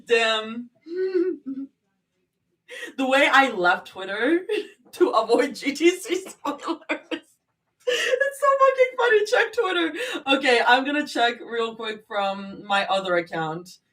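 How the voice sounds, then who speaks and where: A woman streamer reads fan fiction aloud live and chats over it, casual, sweary and quick to apologize. Her voice sits on the higher side and swings widely in pitch, though she takes her time with the words. She sounds a little distant from the microphone. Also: sing-song, fairly bright tone.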